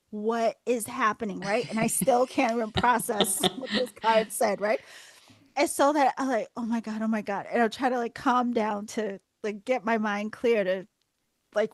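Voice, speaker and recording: A woman's voice: fairly high pitch, no echo. A woman hosting a podcast, telling a story in a casual chat and acting out her own reactions. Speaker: podcast host.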